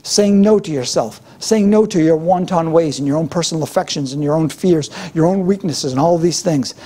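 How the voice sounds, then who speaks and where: A man's voice: a little high, normal speed, dark tone. A middle-aged man preaching a sermon as pastor, with a fervent, repetitive preaching cadence.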